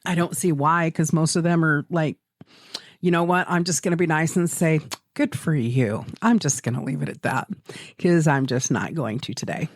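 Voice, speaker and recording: A woman's voice: deep voice, moderate pace, no room sound, studio quality. A woman co-hosting a podcast in casual chat, rambling, laughing often and swearing freely. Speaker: podcast co-host.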